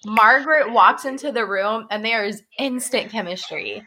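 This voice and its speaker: A woman's voice: on the high side, moderate pace, noisy background. A woman chatting casually and teasing as she comments on a film with her sister. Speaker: podcast co-host.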